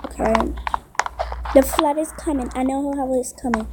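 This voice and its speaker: A woman giving excitable, casual commentary while playing a game, exclaiming and muttering to herself, recorded on a phone. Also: sits high, moderate pace, very noisy. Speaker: gameplay commentator. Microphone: phone microphone via screen recorder.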